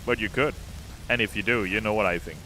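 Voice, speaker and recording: A man's voice: lowish voice, fast, sharp tone, slight background noise. A man, a game developer on a livestream, chatting casually, joking and reading out chat comments. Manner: chatty, jokey, reads chat aloud.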